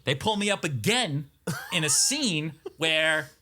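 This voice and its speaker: A man's voice: fairly high pitch, lively intonation, slow, sharp tone. A man in his thirties with a Long Island New York accent, telling a long story in casual podcast chat, profane and rambling. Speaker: podcast co-host.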